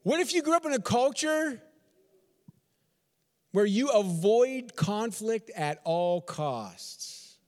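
A pastor from Texas preaching a sermon, driving points home with repeated phrases and rhetorical questions. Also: male voice, high-pitched, expressive, takes it slowly, pauses often, long reverb tail. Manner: repetitive, emphatic rhetorical questions.

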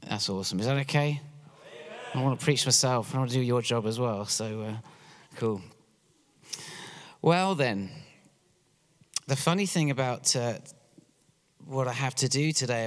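A man from England with an English accent, a church worship director giving a chatty, joking message to a congregation. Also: medium pitch. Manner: chatty, joking, encouraging crowd. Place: church hall. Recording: long hall reverb.

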